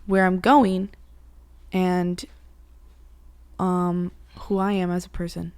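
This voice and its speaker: A woman's voice: on the low side, flat delivery, takes it slowly, darkish tone, clean tone, no room sound. A young woman co-hosting a casual chat with her mother, chatty and playful, with frequent "like" fillers. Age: young adult. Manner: chatty, uses 'like' a lot, playful. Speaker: co-host, daughter.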